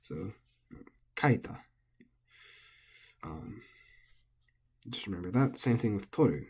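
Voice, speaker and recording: In a casual recorded lesson, a language teacher with a husky, slightly low voice explains pronunciation rules loosely and without a script. A native English speaker, he stays relaxed, thinking out loud with frequent ums and often correcting himself mid-sentence.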